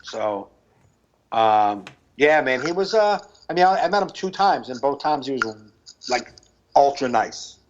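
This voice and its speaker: A man's voice: medium pitch, animated, measured pace, highs cut off, a little hiss or hum. A man co-hosting a comedy podcast, telling loose stories in casual chat and laughing often.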